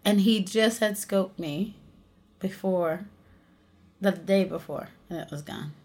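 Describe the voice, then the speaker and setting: A woman's voice: medium pitch, slow pace, slightly rough. A young woman from the United States, an actress and singer, chatting in an interview and telling stories with frequent laughter. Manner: animated storytelling, laughs often. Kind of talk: casual interview chat.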